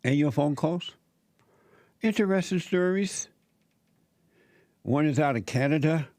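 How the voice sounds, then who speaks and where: A man's voice: on the high side, measured pace, darkish tone, dry recording, clean studio sound. A man filling in as host of a call-in talk show, reading a news story and giving blunt, opinionated commentary in plainspoken, casual grammar.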